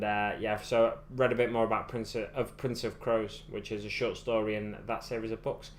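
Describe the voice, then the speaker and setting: A man's voice: medium pitch, a little hiss or hum. A British man chatting casually while live-streaming his miniature painting, thinking aloud in a rambling way with frequent restarts. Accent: British English. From United Kingdom.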